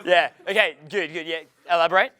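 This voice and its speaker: A man's voice: on the high side, steady tone, brisk, sharp tone. A young man running a dating seminar Q&A, brash and profane, laughing often. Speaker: dating coach. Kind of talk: live seminar Q&A.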